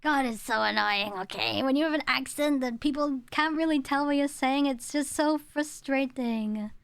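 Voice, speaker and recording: A high-voiced woman streamer from the UK talks casually with her live chat. She rambles and repeats lines, with her home accent toned down. The close mic sounds dry, with no room echo. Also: normal speed, a bit bright. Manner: chatty, rambling, repeats herself. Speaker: VTuber streamer.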